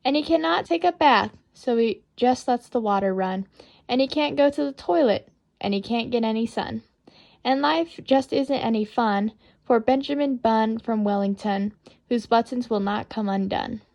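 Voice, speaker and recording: High-voiced woman reading children's poems playfully. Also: normal speed, gravelly. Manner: playful, expressive, sing-song reading. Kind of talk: reading children's poetry aloud.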